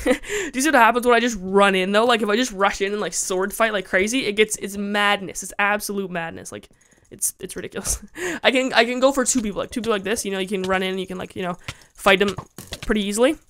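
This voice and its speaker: A woman's voice: mid-range voice, a bit bright. A woman giving casual, giggly commentary while playing a game and talking to her chat, squealing when she is attacked. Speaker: Minecraft let's-play gamer.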